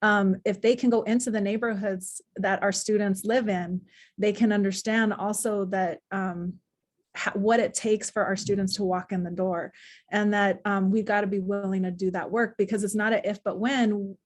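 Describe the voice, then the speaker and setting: A woman, an educator, speaking thoughtfully in a webinar talk, with frequent small pauses. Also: medium pitch, fairly even intonation.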